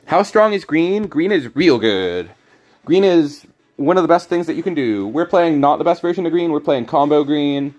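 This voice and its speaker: A man's voice: a little high, animated, moderate pace, a little mellow, muffled recording. A young American man casually commenting on his card game while reading and answering chat, joking and chatty. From American South. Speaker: streamer.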